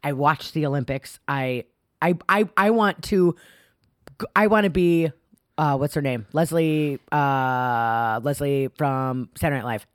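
A woman's voice: low-pitched, unhurried, no echo, clean studio sound. A young woman co-hosting a podcast in casual chat, rambling and laughing often, restarting her sentences mid-thought. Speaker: podcast co-host.

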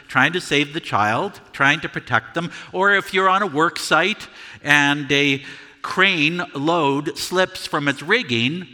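A man preaching a sermon as pastor, speaking in a measured way with his voice carrying through a church. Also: fairly high pitch. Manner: measured preaching, shouts example words. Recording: church hall reverb.

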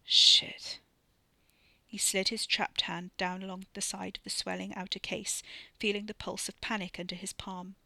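A woman narrating an audiobook in a steady, measured storytelling voice. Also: mid-range voice, vocal fry, no echo. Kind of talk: scripted narration.

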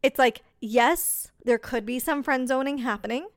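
A woman with a fairly high voice coaches listeners on her podcast, firing off one rhetorical question after another in a lively, motivational way. She is recorded close to the mic in a dry room with almost no echo. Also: normal speed. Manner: energetic, repetitive rhetorical questions. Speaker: podcast host and business mentor.

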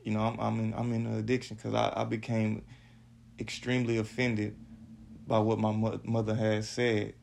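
A man telling a personal story on his podcast, halting and repeating words. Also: lowish voice, monotone, vocal fry, a little mellow, slight background noise. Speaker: podcast host.

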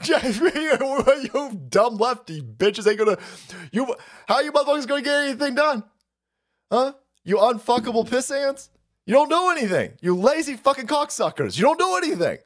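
A man's voice: very high-pitched, big pitch swings, moderate pace. A man hosting a stream, ranting in a profane, mocking way with frequent laughs. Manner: loud, mocking, foul-mouthed, laughing often. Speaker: streamer host. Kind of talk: profane political rant.

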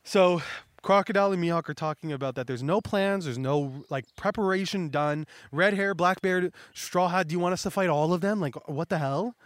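A man casually recapping and commenting on a manga chapter, excitable and correcting himself as he goes, on a close mic. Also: sits high, moderate pace, no echo.

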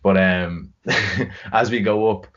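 A man's voice: fairly low pitch, steady tone, slow pace, fairly bright tone. A young Irish man telling a rambling, sweary story in casual chat. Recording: dull lo-fi recording.

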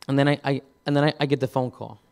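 A man preaching, telling a personal story in a halting way, with many repeated words and restarts. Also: mid-range voice, gravelly, smooth. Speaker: pastor. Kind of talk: sermon testimony.

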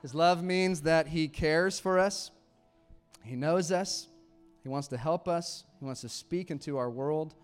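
A man's voice: a little high, unhurried, smooth, faint music behind. Conversational preacher in his thirties. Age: 30s. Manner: conversational, animated, swings from hushed to loud. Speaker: pastor. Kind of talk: sermon.

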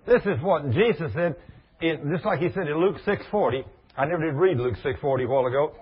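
A man preaching a sermon with animated delivery, turning to speak to people in the room as he goes. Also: on the high side, fast, husky. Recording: dull lo-fi recording.

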